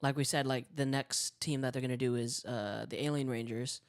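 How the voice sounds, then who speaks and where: A man co-hosting a casual fan livestream, excitable and playful. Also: medium pitch, brisk.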